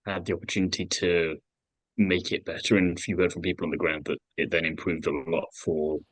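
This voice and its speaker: A man's voice: deep voice, flat delivery, fairly quick, no echo, poor audio. A man co-hosting a casual podcast, opinionated and rambling, with jokes mixed in. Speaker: podcast co-host.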